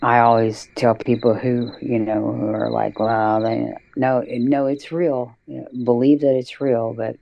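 A woman telling a personal story as a guest storyteller, in a halting casual way with frequent restarts and fillers. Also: extremely low pitch, little pitch movement, creaky, highs cut off, a little hiss or hum. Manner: halting, with many restarts and "you know"s.

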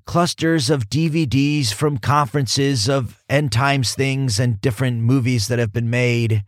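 A male podcast host teaching in a casual, animated way, stressing points with repeated words and laughing at himself. His voice sits in a middle register and sounds dry and close, with no room sound around it. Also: mid-range voice, a little slow, dry recording. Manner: animated, self-mocking, emphatic repetition.

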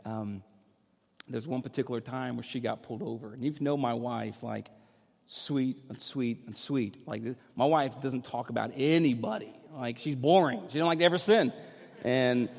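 A male pastor preaching to a congregation in a large church hall, with his voice trailing off into a long reverb. He shifts between loud, urgent declarations and an easygoing, joking storytelling tone. His pitch sits in an ordinary middle range for a man. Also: vocal fry. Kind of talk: sermon.

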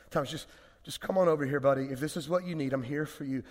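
Man acting out a soft-spoken patient Jesus, tender and coaxing, fairly high voice, big reverberant hall. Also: fairly quick, close to an everyday voice. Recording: long reverb of a large hall.

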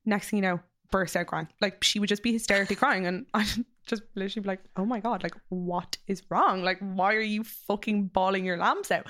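A woman's voice: medium pitch, fast, a bit bright. A young adult woman with an Irish accent hosting a podcast in casual chat, chatty, laughing often and swearing freely. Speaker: podcast host.

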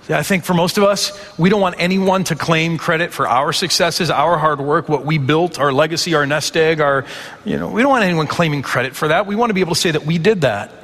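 Conversational preacher in a reverberant hall. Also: male voice, on the high side, brisk, a bit bright. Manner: conversational preaching with rhetorical questions and acted-out quotes. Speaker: pastor. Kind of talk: sermon.

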